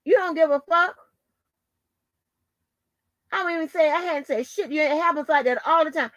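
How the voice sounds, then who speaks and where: A woman's voice: high voice, moderate pace, fairly bright tone, dry recording, highs cut off. A woman hosting her own channel, delivering a heated, profanity-laden rant full of taunts and insults. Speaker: channel host. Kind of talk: angry profane rant to the camera.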